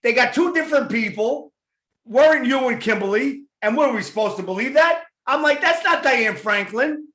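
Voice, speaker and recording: A man's voice: very high voice, a little fast, fairly bright tone. A man hosting an interview show, chatting in a jokey, enthusiastic way. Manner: jokey and enthusiastic, plugs bands. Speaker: show host. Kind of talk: casual interview chat. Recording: echoey room.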